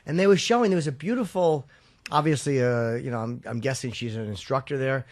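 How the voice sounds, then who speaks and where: A man's voice: medium pitch, brisk. A man co-hosting a podcast, telling rambling stories in casual chat, with a wry edge and some swearing.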